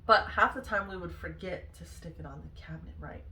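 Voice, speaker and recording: A woman's voice: lowish voice, brisk, pushed and bright, a little hiss or hum. A woman, a former Marine, telling stories in a candid, exasperated, freely swearing vlog style. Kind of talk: casual storytelling vlog. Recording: roomy echo.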